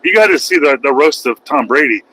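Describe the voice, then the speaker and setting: A man's voice: on the high side, expressive, brisk, pushed and bright, slightly rough, poor audio. A man, a truck driver vlogging from his cab, talking in a rambling, opinionated way with wry asides. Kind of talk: casual rambling monologue.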